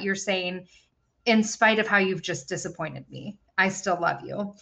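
A woman's voice: mid-range voice, normal speed, bright, forceful tone. A woman in her thirties chatting candidly about a parenting book, swearing freely. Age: 30s. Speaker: podcast co-host discussing a book. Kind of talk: casual book-club chat.

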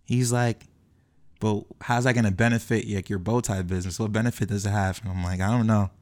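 A young man tells a story at a brisk clip, jumping into the voices of the people he quotes. His voice sits a little low for a man. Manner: acts out quoted dialogue, quick and lively. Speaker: guest telling his story. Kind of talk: animated storytelling.

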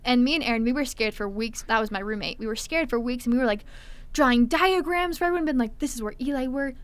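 A young woman telling a story in casual chat, animated, acting out quotes and saying "like" a lot. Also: fairly high pitch, fast talker, smooth. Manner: animated, acts out quotes, heavy filler "like". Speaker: storyteller guest.

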